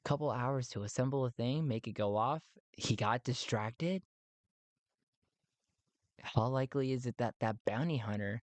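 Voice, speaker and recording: A man's voice: medium pitch, dry recording. Man, solo game narrator, rambling, playful, dry close sound. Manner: rambling, playful, many fillers.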